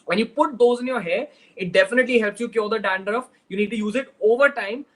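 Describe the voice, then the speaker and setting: A young man from Mumbai with a Mumbai Indian English accent hosts a casual livestream Q&A, chatty and direct, slipping into Hindi phrases. His voice sits high, his tone is fairly bright, and he talks fast; the audio is poor.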